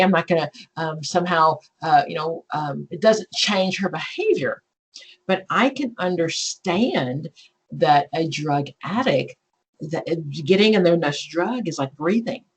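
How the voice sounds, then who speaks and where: A woman, teaching an exam prep class in a chatty, animated way. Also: on the low side, slightly rough, poor audio. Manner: chatty and animated, acts out client scenarios. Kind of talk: live online class lecture.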